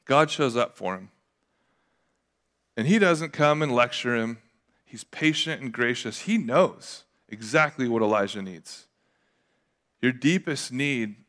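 A young adult man preaching a sermon as a pastor, casual and confessional, with lively acted asides. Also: medium pitch.

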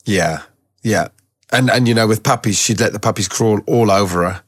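A man who trains dogs, telling stories in a relaxed, rambling way as a guest in an interview, with a gravelly, husky voice. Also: on the low side, moderate pace, no echo, clean studio sound. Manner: relaxed, rambling, with many restarts. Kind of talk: casual storytelling in a podcast interview.

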